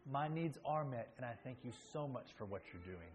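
A gentle elderly Indian mother speaks softly and tenderly, as a male preacher puts her on. Her words come quiet and unhurried, with a calm contentment. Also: medium pitch, slight background noise, close to an everyday voice.

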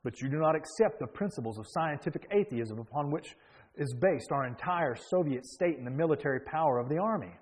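A man's voice: fairly high pitch, animated, brisk. A man reading aloud the lines of a stern, weary Soviet army major in a sermon story, in a plain commanding manner.

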